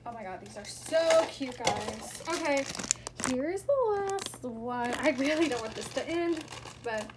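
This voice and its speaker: High-voiced woman gushing over toys. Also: unhurried, background noise. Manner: gushing, squealing with excitement at each reveal. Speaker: toy unboxing vlogger. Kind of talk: casual unboxing chat.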